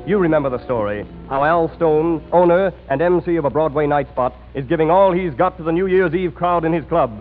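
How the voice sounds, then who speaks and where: A man's voice: on the high side, a little fast, few pauses. A man narrating a scripted radio program as announcer in a formal, declamatory manner. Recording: tinny 1930s radio broadcast with music.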